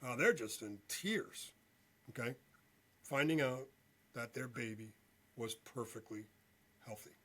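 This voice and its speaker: A male veteran and podcast guest telling a story in an animated way, often checking in with "okay?". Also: mid-range voice, measured pace, pauses often. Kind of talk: storytelling interview.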